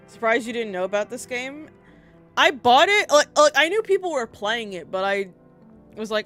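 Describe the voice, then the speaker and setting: A young woman streaming a horror game, chatting excitably, swearing, laughing often and reading chat aloud. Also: fairly high pitch, moderate pace, soft background music. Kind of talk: casual live-stream gaming commentary.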